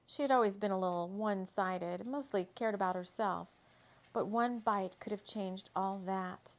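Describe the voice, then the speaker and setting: Brief: woman storyteller, mid-pitched, leisurely dramatic reading with casual asides. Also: normal speed. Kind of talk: reading a spooky romance story aloud.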